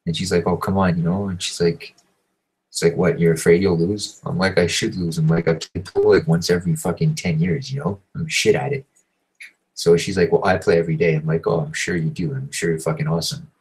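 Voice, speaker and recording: A man telling a crude, rambling story, swearing constantly and filling every pause. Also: deep voice, fairly even intonation, slightly rough, poor audio. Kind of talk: profane storytelling monologue.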